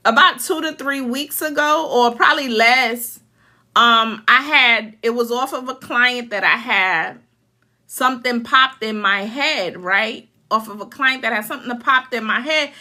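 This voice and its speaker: Woman in her forties, high voice, bright and forceful, heartfelt casual talk, emotional storyteller. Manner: earnest, emotional, vividly acting out past scenes.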